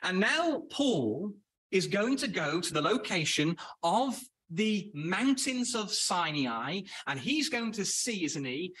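Husky male preacher asking rhetorical questions. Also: high voice, bright, forceful tone, low-quality recording. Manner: rhetorical questions, addressing brothers and sisters. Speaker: Bible speaker. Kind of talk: sermon.

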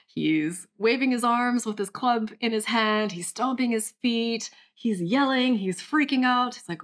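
Calm woman guiding a brain exercise. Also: fairly high pitch, normal speed, few pauses. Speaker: channel host, recovery coach. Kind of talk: guided exercise instruction.

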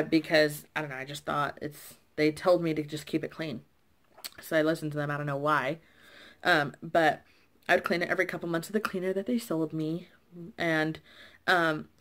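A young woman vlogging from home and retelling a grievance in a rambling, exasperated way, full of "like" and "um". Her voice sits a little low for a woman, and the camera mic picks her up plainly. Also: a bit bright. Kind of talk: casual storytime vlog.

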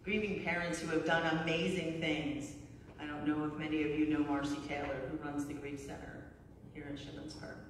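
A middle-aged woman pastor with a low-pitched, flat delivery at normal speed gives a conversational sermon full of stories, often asking "right?" She's recorded from far off in an echoey church sanctuary, with slight background noise.

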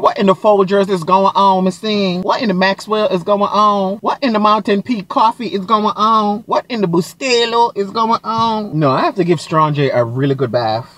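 A man's voice: sits high, fairly bright tone, dry recording. A man vlogging from his car as a delivery driver, talking in a sassy, flamboyant, dramatic way. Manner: sassy, flamboyant, dramatic, keeps saying "girl" and "Miss Thing". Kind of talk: casual vlog chat. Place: inside a car while driving. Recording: car noise behind the voice.

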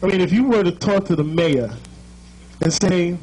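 A man with a Jamaican accent hosts a live show, speaking in a notably high voice. He jokes and teases the crowd in a playful, chatty way. A faint noise sits under his voice. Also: very animated, moderate pace, poor audio. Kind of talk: joking crowd work.

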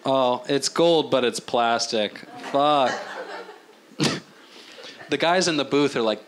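A man's voice: a little high, expressive, takes it slowly, pauses often, a bit bright. A man doing an improvised stand-up set on a club stage, loose and rambling, swearing a lot and mocking himself. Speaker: stand-up comedian. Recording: noisy live club recording. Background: audience laughter.

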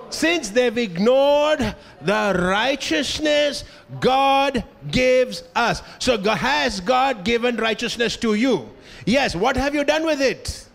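A man's voice: very high-pitched, vocal fry, a bit bright. A man from India preaching a sermon in a church, passionate and emphatic, often putting questions to the congregation. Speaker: pastor. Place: church hall.

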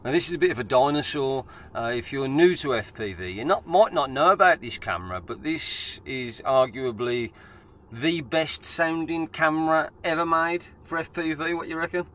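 A man with an English accent chatting casually and excitably in his drone vlog, swearing freely. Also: fairly high pitch, normal speed. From England. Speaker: FPV drone vlogger. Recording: loud background noise.

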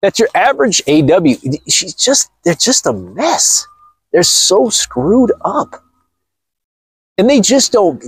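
A man rambles bluntly to his camera in a casual monologue, swearing as he goes. His voice is a little husky, with a lively rise and fall. It sounds dry and close, with no room echo. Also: fairly high pitch. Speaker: channel host.

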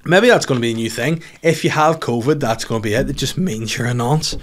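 A man's voice: mid-range voice, brisk. A man in his thirties with a Northern Irish accent, a comedian hosting his own podcast, talking in a casual, rambling, sweary and jokey way. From Northern Ireland. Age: 30s. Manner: sweary, rambling, jokey, slips into mocking voices. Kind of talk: casual solo podcast monologue.

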